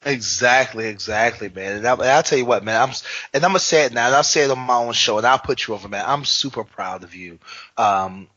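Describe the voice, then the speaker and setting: A man's voice: mid-range voice, quick pace, bright, forceful tone, no room sound. A man hosts a wrestling podcast, talking in a chummy, rambling way and tacking "man" onto his sentences. His voice sounds dry and close, with a slightly muffled, lo-fi edge. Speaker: podcast host. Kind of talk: casual podcast interview. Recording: dry, dull home-mic sound.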